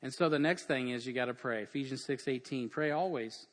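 A man's voice: mid-range voice, a little fast. A middle-aged male pastor preaching a sermon, emphatic and full of rhetorical questions. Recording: long hall reverb.

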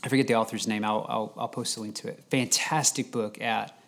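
A pastor preaching a sermon at an unhurried pace, reading scripture slowly with long pauses. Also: male voice, fairly low pitch, steady tone, gravelly, fairly bright tone. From United States.

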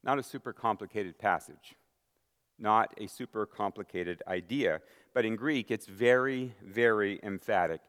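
A man's voice: mid-range voice, smooth. Emphatic preaching man in a reverberant hall. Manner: emphatic preaching with dramatic pauses and rising volume. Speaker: pastor. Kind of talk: sermon.

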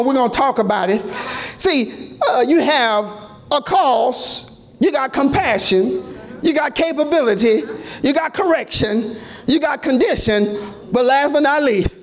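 A man preaching a fervent sermon in a church, shouting and chanting with rising cries. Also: extremely high pitch, animated, normal speed.

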